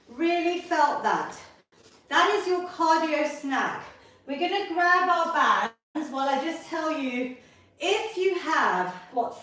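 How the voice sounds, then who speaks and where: A high-voiced, middle-aged woman coaching a gentle workout class, cheerful and encouraging as she counts down each set. She talks at an unhurried pace. Her voice rings from across a very echoey room, well away from the mic. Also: far from the mic. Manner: upbeat and encouraging, counting down reps. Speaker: fitness instructor. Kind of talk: leading a live online seniors' workout class.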